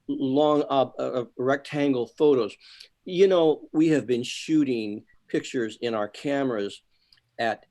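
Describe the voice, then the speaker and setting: A man in a photography club talk, giving feedback in a halting way, repeating words as he goes. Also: medium pitch, darkish tone. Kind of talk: casual club discussion. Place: online club meeting.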